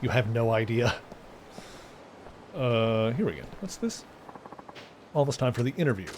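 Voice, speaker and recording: A man's voice: mid-range voice, big pitch swings, normal speed, slight background noise. Chatty man streaming a game. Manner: rambling, explains at length with many fillers. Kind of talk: casual let's-play commentary.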